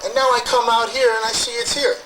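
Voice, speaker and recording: A man's voice: very high-pitched, fast talker, noisy background. A man from New Jersey with a Jersey accent, a protester ranting animatedly outdoors. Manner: animated, conspiratorial rant.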